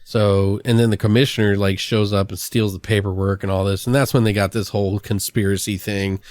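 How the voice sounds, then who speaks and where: Excited swearing man retelling a film. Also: fairly low pitch, a little fast, no room sound. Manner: excited, profane storytelling, acts out film lines. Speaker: podcast co-host. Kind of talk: casual movie review chat.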